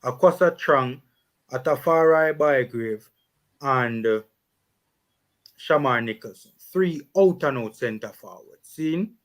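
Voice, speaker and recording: A man with a Jamaican accent hosting a sports vlog, talking in casual, animated Patois-laced banter. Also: medium pitch, slow pace. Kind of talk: casual chat.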